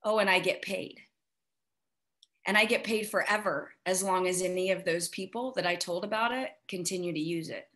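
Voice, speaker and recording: An American businesswoman giving an emphatic motivational sales pitch over a video call, urging listeners and acting out their doubts. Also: normal speed, a bit bright. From United States. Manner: emphatic, urging, with acted-out asides. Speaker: guest speaker.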